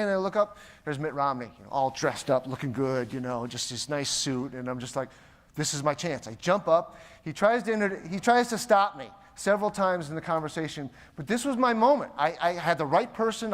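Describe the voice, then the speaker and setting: A man from the United States giving a motivational keynote, telling anecdotes and acting out the people in them. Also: fairly high pitch. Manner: animated anecdotes, acting out quoted voices. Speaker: keynote speaker. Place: large conference hall. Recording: long reverb of a conference hall.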